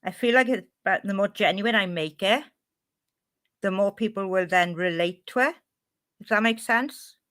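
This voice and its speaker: A woman's voice: medium pitch, moderate pace, fairly bright tone. A woman with a Welsh accent chatting casually on a live stream, reading out and answering her chat.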